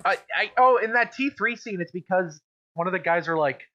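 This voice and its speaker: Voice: mid-range voice, expressive, brisk, sharp tone. A podcast co-host in casual chat who jumps in with firm opinions. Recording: slightly dull, lo-fi sound.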